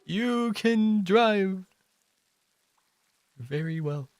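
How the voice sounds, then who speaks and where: A man voicing a cheery, encouraging middle-aged uncle who speaks slowly and loudly, drawing out each phrase. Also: high-pitched, lively intonation, no echo, faint music behind, full character voice. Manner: slow, loud, drawn-out encouragement.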